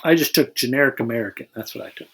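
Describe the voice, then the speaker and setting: A man's voice: mid-range voice, very fast, husky. A man co-hosting a casual movie-review podcast, rambling and restarting as he retells the plot with dry humor. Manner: rambling, searching for words, wry. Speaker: podcast co-host.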